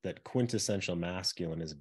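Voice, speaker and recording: A man with a very low, deep voice coaching on relationships. He talks in an animated way and slips into little acted-out example phrases as he explains. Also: a little fast, slightly rough. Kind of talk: coaching conversation.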